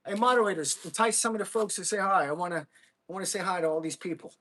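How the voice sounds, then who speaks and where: Talking fast, a high-pitched man whoops and addresses his stream chat in between ball hits, clearly straining with the effort. He's casual and energetic during the training session but blunt and combative when trolls show up.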